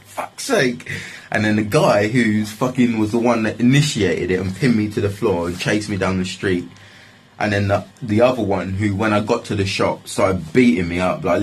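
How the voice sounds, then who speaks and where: A man's voice: deep voice, slight background noise. A man telling a story in a loose, casual way, swearing freely and filling his talk with fillers.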